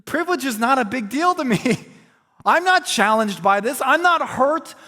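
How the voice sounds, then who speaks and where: A man preaching a sermon as a pastor, animated and playful, acting out quotes and poking fun at himself. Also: very high voice, normal speed, long reverb tail.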